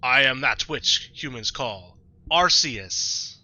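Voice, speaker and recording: Guy doing a slow solemn ancient god creature, bright tense voice, kinda lo-fi mic. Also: medium pitch, expressive, dry recording, exaggerated voice. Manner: slow, grave reading of archaic lines. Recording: slightly dull lo-fi mic.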